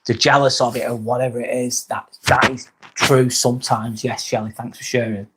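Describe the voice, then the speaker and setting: English man hosting a reflective live talk. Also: mid-range voice. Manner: repetitive, casual with swearing. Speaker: livestream host. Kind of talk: reflective motivational livestream talk.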